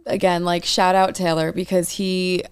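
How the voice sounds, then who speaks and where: A woman's voice: on the low side, flat delivery, moderate pace, smooth. A young woman co-hosting a podcast, chatting supportively with rambling restarts. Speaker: podcast co-host. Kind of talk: casual chat.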